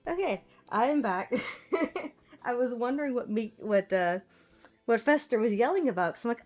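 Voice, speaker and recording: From her home, a woman artist chats casually on a livestream, laughing often and talking to her cat. Her fairly high voice has a darkish tone and lively intonation at a moderate pace, with soft music in the background.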